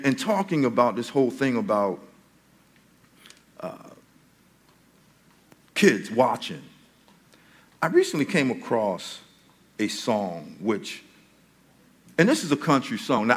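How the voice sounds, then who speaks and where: A man's voice: mid-range voice, a bit bright. A male pastor giving a sermon in a church, talking in a conversational way that often stops and restarts.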